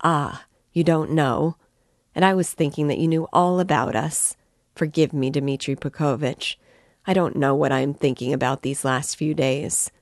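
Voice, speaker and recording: A woman's voice: low voice, steady tone, moderate pace, a little mellow, no echo, studio quality. Woman reading as a fretful, tearful mother. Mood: anxious. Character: anxious, fluttering middle-aged mother.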